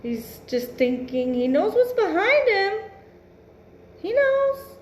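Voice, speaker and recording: A woman's voice: very high voice, big pitch swings, slow pace, reverberant, a little hiss or hum. A woman giving a casual tarot reading, blunt and emphatic, swearing freely and musing aloud. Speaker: tarot reader.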